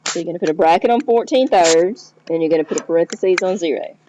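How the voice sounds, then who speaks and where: A woman's voice: fairly low pitch, quick pace, warm tone, a little hiss or hum. A woman teacher explaining math step by step, checking in with the listener as she goes. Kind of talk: recorded math lesson. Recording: dull lo-fi recording.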